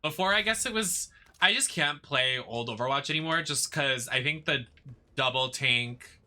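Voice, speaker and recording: A man's voice: medium pitch, moderate pace, bright, forceful tone. A man who streams games and performs in drag, giving chatty, campy commentary that rambles with lots of fillers. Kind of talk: casual gameplay commentary.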